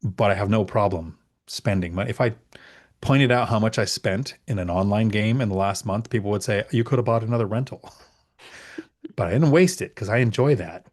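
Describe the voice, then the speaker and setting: A man's voice: on the low side, normal speed, a little mellow. A middle-aged man hosting a casual live question-and-answer chat, reading out viewer questions and answering frankly with emphatic repetition. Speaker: host.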